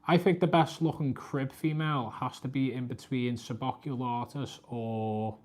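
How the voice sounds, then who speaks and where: A man's voice: fairly even intonation, moderate pace, a little mellow. A man, chatting casually on a live stream, talking to his cat and reading out viewer comments. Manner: chatty, talks to his cat and viewers, voice jumps high when scolding.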